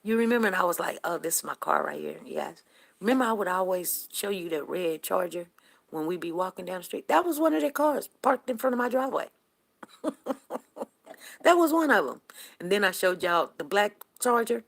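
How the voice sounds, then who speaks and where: A woman's voice: mid-range voice, big pitch swings, a little fast, creaky. A middle-aged woman, telling a neighborhood story casually to live viewers and greeting them by name. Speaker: livestream host.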